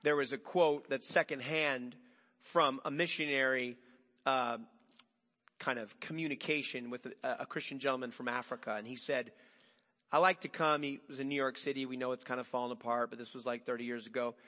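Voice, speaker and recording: A male pastor preaching a sermon in an animated way, asking the congregation rhetorical questions. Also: mid-range voice, brisk. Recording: long hall reverb.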